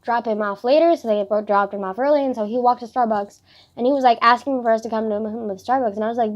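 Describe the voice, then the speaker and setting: Teen girl vlogger, slightly high voice, chatty storytime ramble, swears freely. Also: fast talker, highs cut off. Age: teens. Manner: chatty, filler-heavy, swears a lot.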